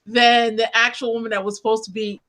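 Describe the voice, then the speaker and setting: A woman's voice: a little high, level tone, brisk, a bit bright. A woman interviewer chatting casually about films, laughing often and trailing off mid-sentence.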